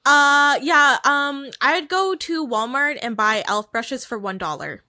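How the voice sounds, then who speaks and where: A woman guest on a podcast, chatting in an animated, slangy way and laughing often. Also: sits high, slow pace. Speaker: guest, brand marketing manager. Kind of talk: casual chat.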